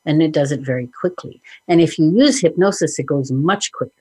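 Husky low-voiced woman podcast host. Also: a little fast, warm tone, no echo. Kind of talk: casual conversational chat.

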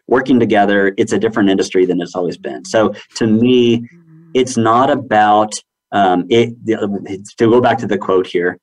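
A man's voice: on the low side, darkish tone, poor audio. A man speaking as a panelist, talking through his point in a loose conversational way with restarts. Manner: rambling, many restarts. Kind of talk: conversational business discussion.

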